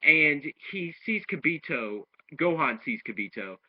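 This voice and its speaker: A man's voice: fairly high pitch, big pitch swings, unhurried, breathy edge. A man casually recapping and reviewing an anime episode, rambling through the plot with restarts. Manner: rambling retelling with restarts, acting out quoted lines. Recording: dull lo-fi home recording.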